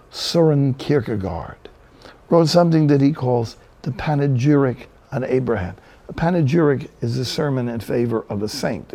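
A man's voice: mid-range voice, dark tone. A man from New Jersey preaching a sermon, telling Bible stories with humorous asides. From New Jersey, USA.

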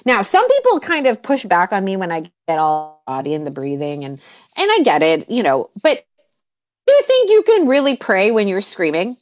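Woman, mindset coach, podcast chat, very lively pitch, laughs mid-sentence, soft low voice when talking about calm. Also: normal speed. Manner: animated, jumps into high-pitched exaggerated voices when quoting herself. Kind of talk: conversational podcast advice.

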